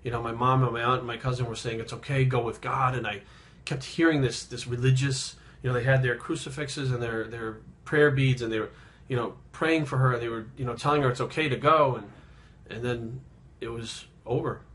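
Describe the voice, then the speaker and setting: A man in his thirties, a fitness vlogger, telling a personal story in a rambling, halting way, subdued and reflective, with frequent swearing. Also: medium pitch, steady tone, fairly bright tone.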